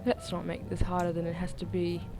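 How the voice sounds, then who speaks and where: A woman voicing a smug, dangerous old-fashioned gentleman intruder in a put-on British accent, low and purring. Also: completely flat delivery, fairly quick, over music, natural voice. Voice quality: low purring voice, full of himself.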